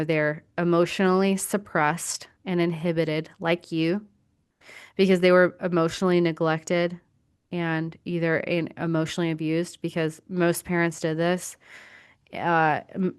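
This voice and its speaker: Woman host coaching casually: low, smooth voice, acts out quotes, loose and swearing. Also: flat delivery, normal speed. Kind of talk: casual teaching talk.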